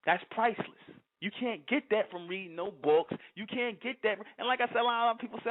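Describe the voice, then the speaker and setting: A man lectures his listeners in a preachy monologue, pressing his points with repeated rhetorical questions. His voice sits fairly high for a man. It comes through thin and tinny, like a phone call. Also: very animated, brisk, few pauses. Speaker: host. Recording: tinny phone-line sound.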